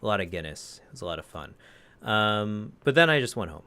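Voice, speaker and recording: A man's voice: on the low side, big pitch swings, fairly quick, pushed and bright, smooth. A man co-hosting a casual podcast, telling a rambling story that he keeps correcting as he goes. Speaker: podcast co-host. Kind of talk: casual chat.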